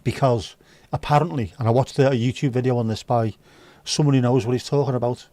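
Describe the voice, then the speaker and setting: A man's voice: mid-range voice, steady tone, fairly quick, mellow, dry recording. A man hosting a livestream, reading viewer comments aloud with sweary, jokey banter. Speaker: livestream host. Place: indoors.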